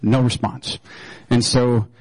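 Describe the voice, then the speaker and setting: A man's voice: mid-range voice, flat delivery, slow pace, a little mellow. A male pastor preaches in a loose, joking manner, telling stories with plenty of fillers and restarts. His voice sits in a middle range. The sound is dry and close, with no room echo. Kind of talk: sermon.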